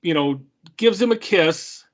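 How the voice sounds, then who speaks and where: Chatty, slightly high-voiced podcast co-host. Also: male voice, lively intonation, measured pace. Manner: chatty, retells scenes with lots of "like" and "you know". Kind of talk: casual podcast chat.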